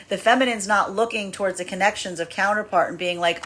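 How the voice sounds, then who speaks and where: A woman tarot reader talking through a collective energy reading, rambling and animated, acting out little inner voices as she goes. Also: medium pitch, a little fast. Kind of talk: spiritual energy reading, monologue.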